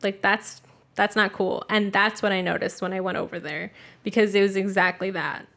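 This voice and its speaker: A woman's voice: medium pitch, fairly even intonation, normal speed, a bit bright. Young woman telling a profane story. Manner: loose and profane, heavy use of 'like'. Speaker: podcast co-host. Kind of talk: casual storytelling chat.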